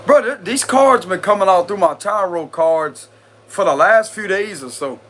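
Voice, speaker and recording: A man's voice: high voice, normal speed, a bit bright. A man reading tarot cards on a live stream in casual chat, giggling often and talking to viewers in loose slang. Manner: giggly, keeps breaking into laughter; chatty slang-heavy address to viewers. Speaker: tarot reader.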